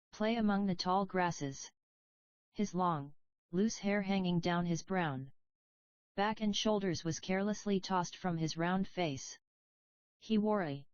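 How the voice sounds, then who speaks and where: A woman narrating a children's legend in a calm, measured storybook reading, recorded with a dull lo-fi sound. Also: lowish voice, no room sound. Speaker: audiobook narrator.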